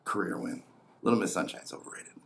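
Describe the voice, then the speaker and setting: A man's voice: fast, fairly bright tone. A man rambling through a casual comedic monologue, blunt and opinionated, trailing into muttered asides. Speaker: host.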